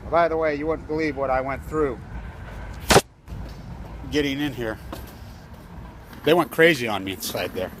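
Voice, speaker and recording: A man's voice: mid-range voice, measured pace, pauses often, noisy background. A man filming himself at a street protest, talking in a rambling, agitated, conspiratorial way into a handheld camera outdoors. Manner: agitated, conspiratorial, tells stories with quoted dialogue. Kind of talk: self-filmed protest vlog, rambling commentary. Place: outdoors on a street outside an office building.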